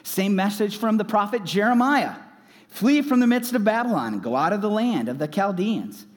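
Animated man preaching a sermon. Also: high-pitched, normal speed, long reverb tail. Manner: animated, rising to loud emphatic exclamations. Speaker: pastor.

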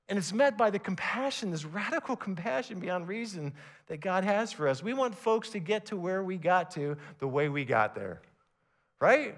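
A man preaching a sermon to a congregation, reading scripture aloud in an animated way with some stammered restarts. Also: high voice, moderate pace. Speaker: pastor.

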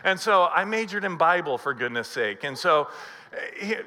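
Middle-aged male pastor, bright and fairly high voice, storytelling sermon. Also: animated, moderate pace. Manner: storytelling preacher, acts out dialogue.

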